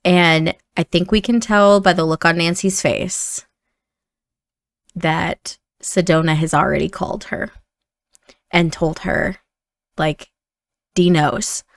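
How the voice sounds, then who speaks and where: A woman's voice: fairly low pitch, steady tone, takes it slowly, pauses often, no echo, clean studio sound. Chatty Indiana woman narrating a game. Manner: chatty, emotional storytelling. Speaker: game commentator. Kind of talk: narrating a life-sim game story.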